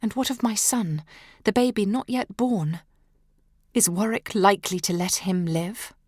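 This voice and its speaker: A woman reads a first-person historical novel aloud, dramatic and emotive, slipping into hushed whispers at tense moments. Her pitch sits in an ordinary middle range. The recording is close and dry, with no room sound at all. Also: measured pace, no echo. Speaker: audiobook narrator.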